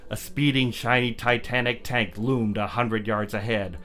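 A man narrating a children's story in a lively, animated way. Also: mid-range voice, a little slow, few pauses, faint music behind.

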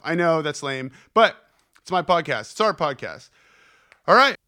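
A young man delivers a casual podcast monologue, cursing freely and rambling like a pep talk. His voice sits high for a man, with a bright, forceful edge. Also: clear, resonant tone. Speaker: podcast host.

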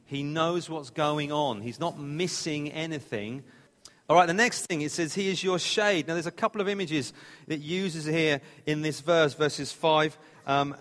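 A man's voice: fairly high pitch, fairly bright tone. A man preaching a sermon in a plain, conversational way, sometimes restarting his phrases. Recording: reverberant hall.

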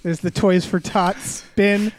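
A man co-hosting a podcast in casual chat, enthusiastic and quick to laugh. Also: high-pitched, fairly even intonation. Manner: enthusiastic, laughs often, reads quoted gags. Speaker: podcast co-host.

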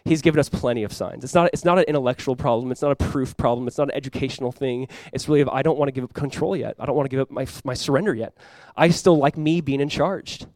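Animated, fast-talking male pastor. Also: mid-range voice, dry recording. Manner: animated, acts out quoted voices, repeats himself. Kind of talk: sermon.

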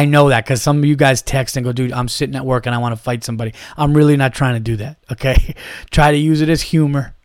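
A man's voice: mid-range voice, clean tone, dry recording, clean studio sound. A man in his thirties hosting a solo podcast, ranting in a heated, profane, rambling way. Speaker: podcast host.

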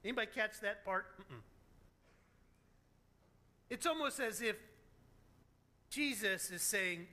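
A man preaching a sermon as a pastor, telling stories in an animated, joking way. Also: sits high, slow pace, long pauses.

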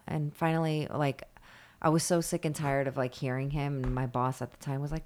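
A woman with a notably low voice, chatting casually. She tells her stories bluntly and with a lot of swearing, slipping into the voices of the people she quotes. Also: steady tone, normal speed, darkish tone. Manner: blunt, profane, mimics others in stories. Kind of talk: casual chat, storytelling.

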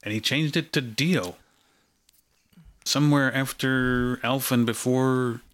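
A man co-hosting a casual podcast, making wry asides with soft laughs. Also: mid-range voice, steady tone, slow. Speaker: podcast co-host. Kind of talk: casual chat.

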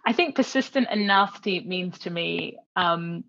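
A woman guest author talking in a relaxed, sweary, laughing way. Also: fairly low pitch, measured pace, vocal fry. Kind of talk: casual chat. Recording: slightly dull lo-fi audio.

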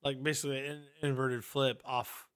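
Bright-voiced joking man. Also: mid-range voice, flat delivery, normal speed, clean tone, dry recording. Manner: joking, teasing, laughs often. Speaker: podcast co-host. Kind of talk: casual chat.

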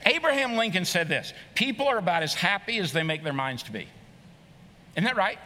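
A middle-aged male pastor preaches with earnest emphasis and a high, ringing tone. His bright, forceful voice carries a long hall reverb from a large sanctuary. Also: sing-song, fairly quick. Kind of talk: sermon.

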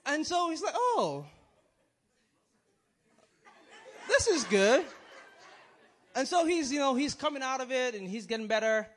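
A man's voice: very high-pitched, fairly bright tone, a faint crowd. A man preaching a sermon in a conversational way, with restarts and questions to the audience. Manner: conversational, halting, with restarts and chuckles.

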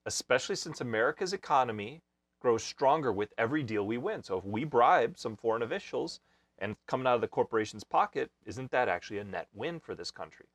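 A man's voice: mid-range voice, lively intonation, brisk, no echo. A man hosting a podcast panel, playing devil's advocate to stir debate. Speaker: host.

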